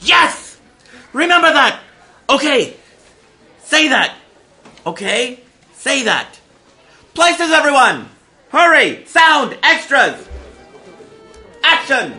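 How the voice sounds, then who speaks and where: A man playing an exasperated male film director who yells orders on set. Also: very high-pitched, sing-song, slow pace, long pauses, faint music behind, exaggerated voice. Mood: impatient. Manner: yelling orders.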